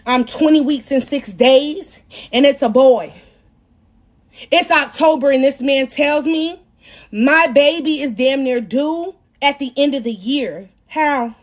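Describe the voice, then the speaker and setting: A young woman hosting a live stream, telling a personal story in a loud, animated way, cursing freely and laughing often. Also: high voice, unhurried. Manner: animated, profane and laughing as she tells the story.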